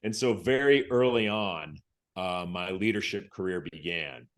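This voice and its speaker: This podcast guest, a U.S. man who served as a Navy SEAL, tells his story at a measured pace in a low-pitched voice. The talk is casual, with dialogue acted out and phrases begun again.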